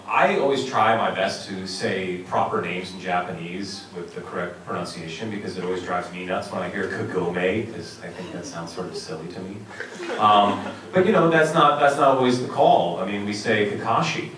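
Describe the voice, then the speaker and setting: A middle-aged man, a voice actor on a convention panel, talking in an articulate, animated way and laughing often. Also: on the low side, a little hiss or hum. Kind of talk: casual panel talk. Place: convention hall. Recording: echoey convention hall from far off.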